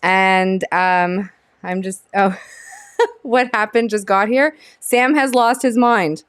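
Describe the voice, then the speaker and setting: A woman co-hosts a hockey stream and reads the lineups in casual chat, laughing at herself as she trips over names. Her voice is smooth and clear and very dry, with no room sound, and she speaks slowly. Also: medium pitch, no echo. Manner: giggly, self-deprecating, stumbles over names. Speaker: co-host of a live hockey stream.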